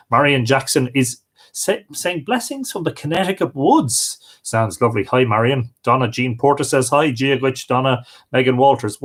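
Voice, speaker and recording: A middle-aged Irish man hosting a live stream, reading out viewers' comments and greeting each of them by name. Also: medium pitch. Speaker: host.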